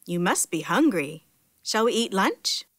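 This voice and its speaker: A woman voicing a gentle, fond father in a storybook read-aloud. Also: mid-range voice, very animated, measured pace, dry recording, clean studio sound. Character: kindly father.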